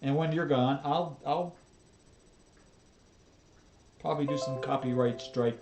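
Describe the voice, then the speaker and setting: A man's voice: mid-range voice, slow pace, a little mellow. A middle-aged man hosting a reaction video, casual and profane, breaking into laughter and exasperated outbursts. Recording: roomy echo with faint music.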